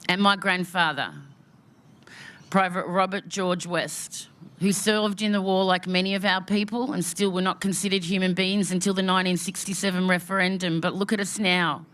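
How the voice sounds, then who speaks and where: A woman's voice: fairly low pitch, steady tone, moderate pace, fairly bright tone. An Australian woman speaking at an outdoor memorial gathering, giving a heartfelt, emotional welcome speech with rhythmic repeated phrases.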